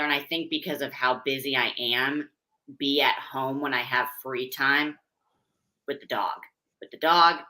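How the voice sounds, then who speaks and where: Interview guest: young adult woman from Pennsylvania, low pitch, forceful tone, candid and chatty. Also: low-quality recording. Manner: candid, chatty, laughs easily. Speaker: interview guest, figure competitor and posing coach. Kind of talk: casual interview chat.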